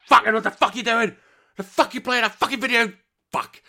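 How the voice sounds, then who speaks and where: A man's voice: very high voice, fairly even intonation, brisk, vocal fry, pitched above the performer's own voice, full character voice. Man doing a furious swearing grown man. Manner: shouting and swearing.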